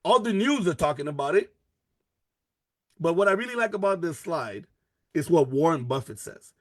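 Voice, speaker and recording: A man's voice: normal speed, dry recording. A man giving a live online sales presentation for a network marketing business, pushing hard and repeating his key lines. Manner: energetic, pushy sales pitch with repeated phrases. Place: at a computer, sharing his screen in a live video call.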